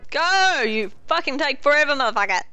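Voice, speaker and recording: A woman chatting casually while playing a video game, swearing, teasing and yelling in outbursts. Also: high-pitched, expressive, fairly quick, faint music behind. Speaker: gamer. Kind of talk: casual gaming chat.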